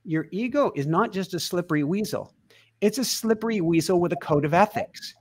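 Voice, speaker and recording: A man as a guest teacher explaining things in casual conversation, animated and laughing often. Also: high voice, fairly quick, slightly rough.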